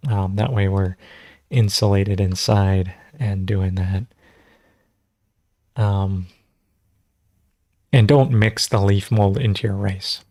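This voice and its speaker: A man's voice: fairly low pitch, fairly even intonation, slow pace, long pauses, darkish tone, dry recording. A man hosting a casual livestream Q&A, rambling and conversational, full of fillers as he teaches natural farming.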